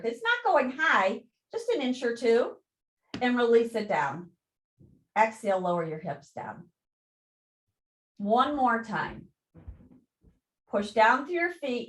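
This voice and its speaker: A woman yoga instructor giving calm step-by-step cues and counting breaths through a guided class. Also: a little high. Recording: echoey room.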